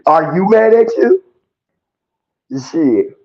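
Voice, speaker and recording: Loud mocking man ranting. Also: sits high, animated, normal speed. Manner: loud, mocking, laughing, swears a lot, acts out quotes. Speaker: commentator. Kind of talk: animated ranting commentary. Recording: dull lo-fi sound.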